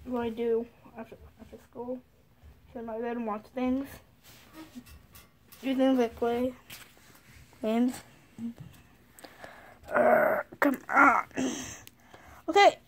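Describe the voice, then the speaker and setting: A school-age girl vlogging casually from her bed, excitable, reading card names aloud and often apologizing. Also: a little high, slow pace, pauses often, slight background noise. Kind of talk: casual card-opening vlog. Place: sitting on her bed at home.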